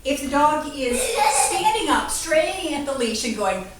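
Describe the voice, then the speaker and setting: A woman veterinarian giving a playful, animated talk to a class of children, asking them questions. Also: high voice, normal speed. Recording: echoey room from far off, faint noise.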